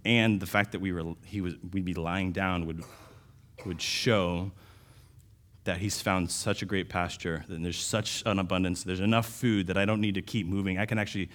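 Pastor, male, very deep voice; casual sermon delivery, restarts, punchy emphasis. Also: steady tone, normal speed. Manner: conversational, with restarts and sudden louder emphasis.

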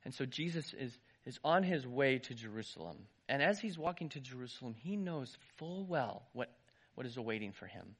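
A man preaching a sermon, retelling a story lively, his voice rising and dropping with some restarts. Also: medium pitch, moderate pace, breathy edge. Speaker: pastor.

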